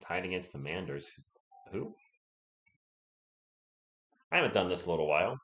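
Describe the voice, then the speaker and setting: A man's voice: sits low, sing-song, normal speed, echoey room. A young man with a sore throat doing casual live play-by-play commentary and chatting with viewers, keeping his voice down. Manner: chatty, answers viewers, holds back from yelling. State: sore throat, sounds sick. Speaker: live stream play-by-play host.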